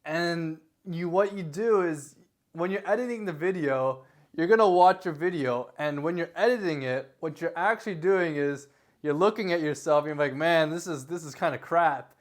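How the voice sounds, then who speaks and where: Speaking straight into his camera in an indoor room, a young YouTuber rambles through advice in a casual talking-head vlog, correcting himself along the way. His voice is a little high for a man and moderately paced, and his loudness rises and falls with his lively hand gestures.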